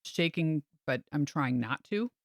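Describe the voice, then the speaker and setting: Realtor woman, podcast host, animated storyteller; mid voice, dry close mic. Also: deep voice, unhurried, no echo. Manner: animated, acts out quoted voices. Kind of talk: casual storytelling chat.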